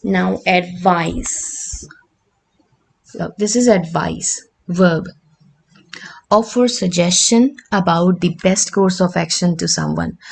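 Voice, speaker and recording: A woman explains vocabulary step by step, like a patient classroom teacher. Her voice is fairly low with a gravelly edge. She keeps stopping to check in with her listener. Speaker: English teacher.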